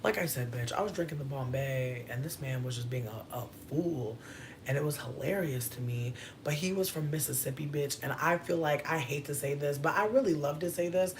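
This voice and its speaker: In a loose, stream-of-consciousness chat, a vlogger tells stories full of profanity and slang, often leaping up into high exclamations. The pace is normal, and there's background noise.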